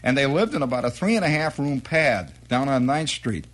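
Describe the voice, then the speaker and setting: A middle-aged man telling a rambling comic monologue, jumping into quoted voices and exclamations. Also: moderate pace. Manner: rambling, animated storytelling with sudden high-pitched quoted exclamations. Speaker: comedian.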